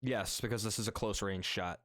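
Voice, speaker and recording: A young man running a tabletop game as game master, animated and joking, laughing often. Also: lowish voice, fairly quick.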